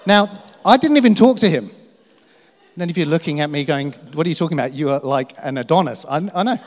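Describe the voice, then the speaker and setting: Man, middle-aged, pastor, sermon, self-mocking, laughing, higher voice, echoing hall. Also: quick pace. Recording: long hall reverb.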